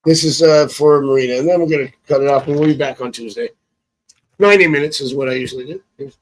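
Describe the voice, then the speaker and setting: A man's voice: medium pitch, quick pace, rough recording. A man reading tarot cards on a live stream. He chats casually, thinks aloud and chuckles often. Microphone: phone.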